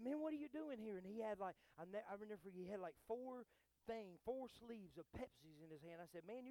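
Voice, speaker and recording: A man, a pastor preaching a sermon, moving between quiet storytelling and loud, fervent exhortation. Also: a little high.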